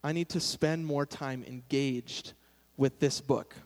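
A man's voice: medium pitch, fairly even intonation, slow. Conversational man preaching in a reverberant hall. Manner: conversational, self-deprecating, with sudden emphatic bursts. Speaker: pastor. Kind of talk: sermon.

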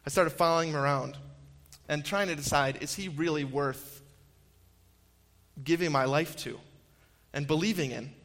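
On the high side and fairly bright, this man's voice moves at normal speed but pauses often. He's a campus minister in his thirties telling stories in a sermon to an audience, casual and self-deprecating with many ums and restarts, recorded with long hall reverb.

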